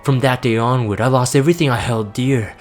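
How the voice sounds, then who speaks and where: A man voicing a cold, weary young male traitor mage in a flat, solemn way. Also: mid-range voice, fairly quick, soft background music, natural voice. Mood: grim.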